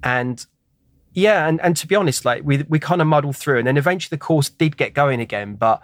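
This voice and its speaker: A man's voice: on the high side, animated, a little fast, no echo. Rambling, self-deprecating man in a dry room. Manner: rambling, self-deprecating storytelling with many fillers. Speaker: guest. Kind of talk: casual interview chat.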